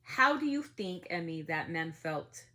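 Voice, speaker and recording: A woman's voice: on the low side, very animated, unhurried, bright, forceful tone. A woman hosting a family podcast, talking in a heated, outspoken way and swearing freely. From United States. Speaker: podcast host. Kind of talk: casual opinion talk.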